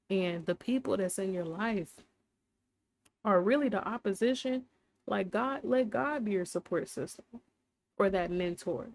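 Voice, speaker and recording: A woman's voice: mid-range voice, a little mellow. A woman hosting a casual faith podcast, talking in a rambling, unscripted way and sometimes giggling. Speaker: podcast host.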